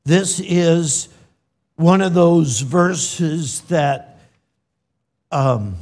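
A middle-aged man from California preaching in a high voice, slow and deliberate. He leans hard on key lines, then drops to a hushed near-whisper, and his delivery swings with emotion. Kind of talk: sermon.

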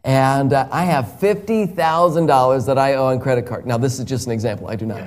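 Male evangelist, one-on-one gospel talk; slow, emphatic delivery with frequent chuckles. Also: mid-range voice, a little mellow.

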